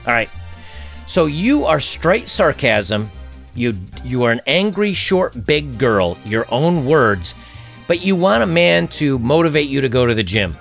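A man's voice: mid-range voice, sing-song, measured pace, creaky, a bit bright, faint music behind. A man hosting a casual commentary vlog, reading dating profiles aloud in a sarcastic, mocking way. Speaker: online commentator.

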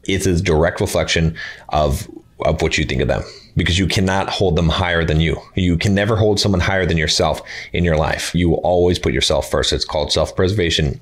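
A man with a very low voice talks straight to his viewers about relationships. He is blunt and emphatic, and he acts out quoted lines in a higher voice. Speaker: dating advice host. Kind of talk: casual advice monologue.

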